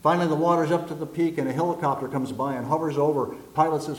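A man's voice: fairly high pitch, fairly even intonation, quick pace, few pauses. A man preaching a sermon, telling jokes and stories and acting out the voices in them. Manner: folksy storyteller, acts out voices in jokes. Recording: echoey room.

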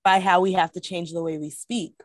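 A woman's voice: fairly low pitch, brisk. Emphatic woman in casual talk. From United States. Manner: emphatic, expressive. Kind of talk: casual discussion.

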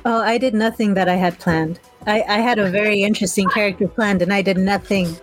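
A woman's voice: mid-range voice, steady tone, a little fast, faint music behind, low-quality recording. A woman player chatting on a podcast, rambling and self-deprecating, with many "like"s. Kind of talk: casual chat.

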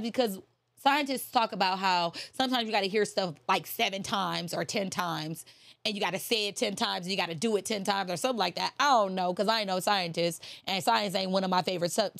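A woman's voice: fairly high pitch, no echo. A woman giving a faith-based motivational talk, emphatic and repeating her key phrases. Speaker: motivational speaker.

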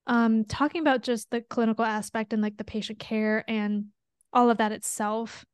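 A young adult woman, a pharmacist co-hosting a podcast, talking in a casual, earnest way and quick to get emotional. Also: fairly high pitch, fairly even intonation, clear, resonant tone, dry recording, studio quality.

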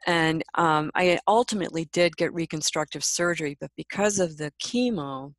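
A woman guest telling a personal story in an interview, reflective and soft-spoken, often laughing. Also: deep voice, moderate pace, no room sound.

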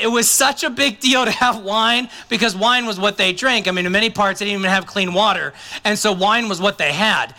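A male pastor preaching in a relaxed, conversational way, with a high voice that rings very bright and sharp. He keeps the sermon light with joking asides.

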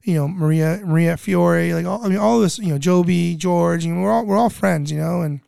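A man's voice: high voice, brisk, gravelly, no echo, studio quality. A middle-aged man telling stories casually as a guest, rambling with lots of filler words and restarts, sometimes swearing. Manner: animated, swearing. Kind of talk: casual storytelling.

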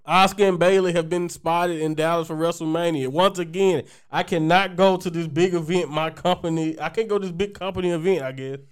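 Smooth-voiced man joking through a podcast. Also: a little high, steady tone, a little fast, hardly any pauses. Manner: joking, rambling, laughs often. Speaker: podcast co-host. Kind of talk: casual chat.

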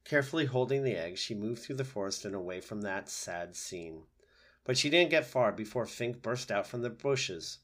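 A man narrates a children's book in a lowish voice. His delivery is steady and gentle. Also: normal speed. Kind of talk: reading a children's book aloud.

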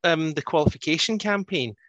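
A man's voice: fairly high pitch, fairly quick, a bit bright, no echo, highs cut off. A Scottish man hosting a podcast interview, chatty and self-deprecating, with plenty of ums. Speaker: podcast host. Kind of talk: casual interview.

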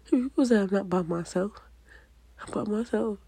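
A woman telling a painful personal story in an emotional confessional monologue, holding back tears. She speaks haltingly and drifts into whispers. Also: medium pitch, vocal fry, mellow, slightly rough, no room sound.

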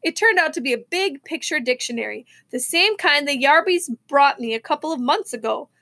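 Woman, high voice, reading a chapter book aloud, lively, the odd restart. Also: brisk. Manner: expressive, with small slips and restarts. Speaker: reader. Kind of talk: reading a children's novel aloud.

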